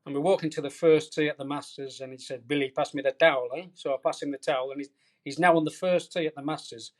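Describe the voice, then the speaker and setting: A man's voice: on the high side, quick pace. A middle-aged man, a veteran golf caddie, telling colorful stories as a podcast guest. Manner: animated, colorful storyteller. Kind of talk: storytelling anecdote in a podcast interview.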